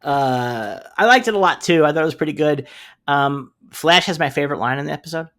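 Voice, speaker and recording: A man's voice: on the high side, a little fast, a bit bright. A man co-hosting a casual podcast, recapping a cartoon episode in a rambling way, with many fillers and the odd swear word. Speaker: podcast co-host.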